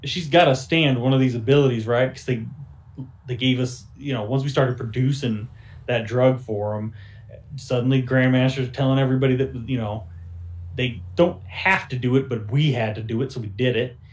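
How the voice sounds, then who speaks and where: A man's voice: medium pitch, normal speed, close to an everyday voice. A man doing a rambling, nervous gang member. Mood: uneasy. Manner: folksy drawl, awkward and rambling. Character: wary middle-aged male gang member, nervous and rambling.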